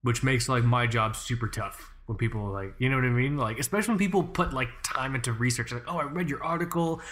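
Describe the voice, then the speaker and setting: A man with a mid-range, fairly bright voice talks fast while hosting a casual watch podcast as a Soviet watch expert. He rambles and swears, peppering everything with "like" and "you know."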